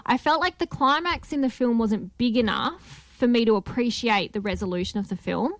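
A woman's voice: on the high side, moderate pace, dry recording. A woman co-hosting a film podcast, chatting casually and affirming often. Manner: chatty, affirming with frequent yeahs. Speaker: podcast co-host. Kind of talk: casual film review chat.

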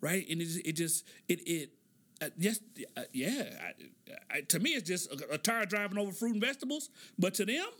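Bright, high-pitched joking man. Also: big pitch swings, moderate pace. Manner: joking, loose storytelling with laughs. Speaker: podcast host. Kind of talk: casual comedic monologue.

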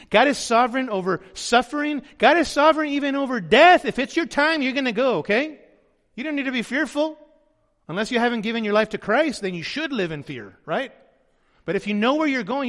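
A man's voice: very high voice, lively intonation, fairly quick, a bit bright. A male pastor preaching a sermon, emphatic and often asking his audience questions. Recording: long hall reverb.

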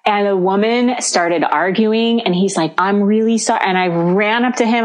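A woman's voice: mid-range voice, moderate pace, hardly any pauses. A woman co-hosting a podcast, telling a story in casual chat, acting out the people in it and laughing often. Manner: animated storyteller, acts out quoted dialogue, laughs often. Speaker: podcast co-host.

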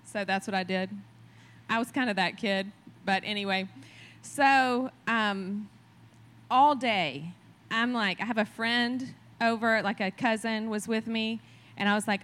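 A woman's voice: medium pitch, a little slow, a bit bright. Chatty woman telling a sermon story. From rural farm community. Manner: chatty, conversational, asks the crowd "right?". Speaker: church speaker.

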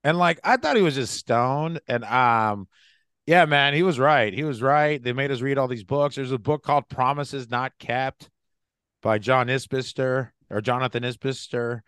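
A man's voice: medium pitch, normal speed, fairly bright tone, clear, resonant tone, no echo, studio quality. A young man hosting a podcast, chatting casually and profanely with lots of fillers. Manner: profane, rambling, filler-heavy. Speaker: podcast host.

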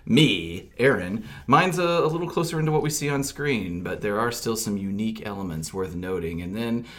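A man's voice: lowish voice, expressive, normal speed, a bit bright. A man co-hosting a casual podcast, talking in a laid-back, rambling way with lots of fillers. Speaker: podcast co-host.

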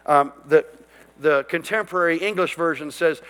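A man's voice: on the high side, normal speed, a bit bright, long reverb tail. A man preaching a sermon, quoting and declaring scripture with emphatic conviction. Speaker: pastor.

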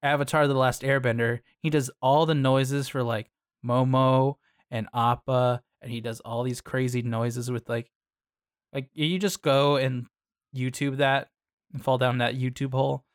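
Chatty podcast host, dry close sound. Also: male voice, medium pitch, unhurried, clear, resonant tone, no room sound. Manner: animated, playful, lots of filler "like". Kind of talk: casual chat.

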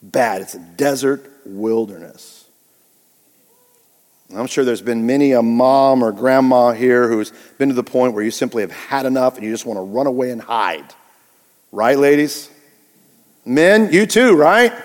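A man's voice: medium pitch, normal speed, in a large hall. A man preaching a sermon in a casual, conversational way, stressing and repeating key words. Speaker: pastor.

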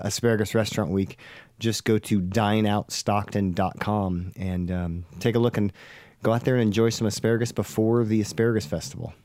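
A man's voice: fairly low pitch, dark tone, clear, resonant tone, dry recording, clean studio sound. A man co-hosting a podcast, chatting easily about food with many ums and restarts. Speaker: podcast co-host. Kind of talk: casual chat.

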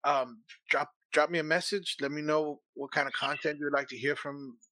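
Bright, forceful-voiced man from Texas. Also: on the high side, fairly even intonation, normal speed, dry recording, low-quality recording. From Texas, USA. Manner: bright, forceful, jokey self-promoting. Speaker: podcast co-host, guest. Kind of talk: casual podcast chat.

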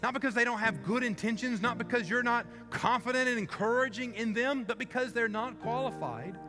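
A pastor delivering a sermon, telling a story earnestly and building to loud, emphatic peaks before dropping to quiet conclusions. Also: male voice, very high voice, fairly quick, in a large hall, over music.

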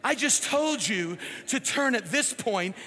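A man's voice: very high voice, animated, a little slow, bright, forceful tone, in a large hall, faint music behind, full character voice. A man voicing a snippy, fed-up female GPS voice that sarcastically scolds the driver. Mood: scolding.

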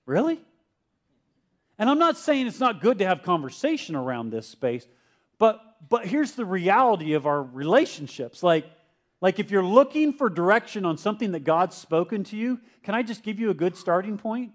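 A male pastor preaches with a high-pitched voice in a relaxed, conversational way. He keeps turning to the congregation with questions. He sometimes slips into acting out the confused voice of a biblical figure. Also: normal speed. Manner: acts out Peter's confused voice. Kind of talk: sermon.

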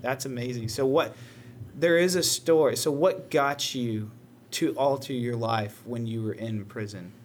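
An attentive male interviewer asks short follow-up questions in a mid-pitched, ordinary voice. Faint noise can be heard behind him. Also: measured pace.

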